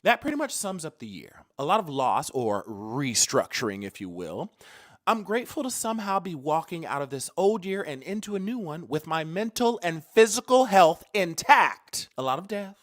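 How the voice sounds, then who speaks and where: A woman delivering a sardonic, theatrical comedic monologue that swings between loud and hushed. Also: low-pitched, sing-song, normal speed.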